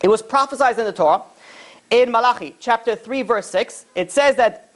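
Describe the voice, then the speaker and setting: A man, a rabbi, teaching a class in an animated, joking storytelling style. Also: very high-pitched, moderate pace. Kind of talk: lively lecture with acted stories.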